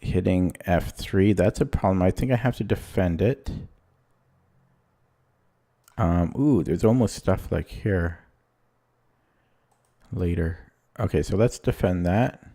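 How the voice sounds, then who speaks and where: A man talks through his chess game live, in halting bits of thought and worried asides. His voice sits fairly low and he speaks slowly, often pausing mid-sentence to think. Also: warm tone. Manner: anxious, thinks aloud in short fragments. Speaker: chess streamer. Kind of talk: live commentary while playing online chess.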